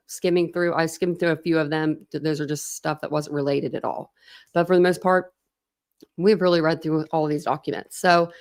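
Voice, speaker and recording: A woman's voice: fairly low pitch, darkish tone. A woman in her thirties hosting a true crime livestream, chatting casually, laughing and greeting viewers by name.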